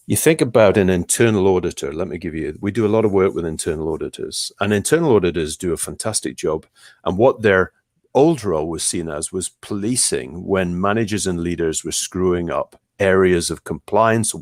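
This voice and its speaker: A man, a guest in an interview, explaining his ideas with lively, animated storytelling. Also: no room sound, studio quality. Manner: animated storyteller, lively pitch jumps and pace shifts. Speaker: guest, leadership trainer. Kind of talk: conversational interview.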